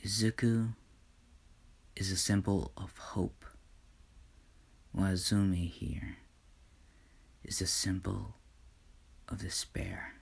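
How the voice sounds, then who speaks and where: A man voicing God as a soft-spoken, unsure fatherly deity, speaking in a hushed, half-whispered tone with slow, pondering hums in an amateur fan story. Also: on the low side, fairly even intonation, vocal fry. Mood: troubled.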